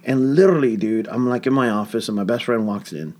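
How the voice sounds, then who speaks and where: A man's voice: medium pitch, fast talker, a little mellow. A young adult man, a stand-up comedian, telling a rambling story with lots of swearing in casual podcast chat.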